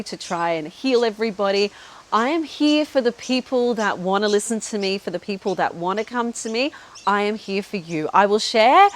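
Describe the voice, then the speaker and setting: Chatty woman podcast host, candid. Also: medium pitch. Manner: chatty, heavy use of "like" and "you know"; frank, occasional swearing. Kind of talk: candid personal storytelling.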